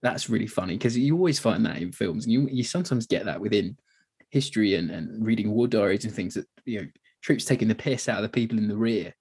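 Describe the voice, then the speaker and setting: An English man co-hosting a podcast talks casually about a war film, laughing and performing its lines. His voice is fairly low, quick, darkish and a bit breathy.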